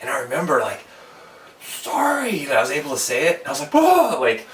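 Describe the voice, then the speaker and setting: A man's voice: mid-range voice, very fast, a bit bright, roomy sound, recorded from a distance, slight background noise. A man hosting a casual podcast chat, rambling through stories and laughing often. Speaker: podcast host.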